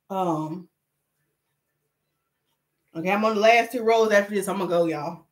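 Her voice a little high, a woman hair stylist speaks a little slowly and pauses often while live streaming her work. She chats casually and animatedly, reading viewer comments aloud and joking with them.

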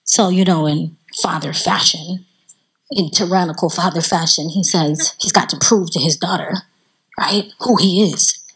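A woman with a Southern American accent giving a storytelling talk to a live audience, animated and conversational, drawing the listeners in. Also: lowish voice, measured pace, slightly rough, low-quality recording. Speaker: Islamic lecturer. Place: community center talk.

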